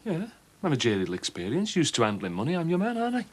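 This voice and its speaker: An actor playing a jokey, smooth-talking local man in a soap opera. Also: fairly high pitch, huge pitch swings, fast talker. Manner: jokey, breezy, cheeky.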